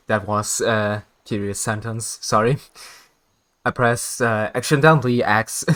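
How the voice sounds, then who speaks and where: A German-speaking man streams a video game, chatting casually with viewers and reading dialogue aloud. His voice is medium-pitched and a bit bright, and he takes it slowly with long pauses, often laughing and correcting himself.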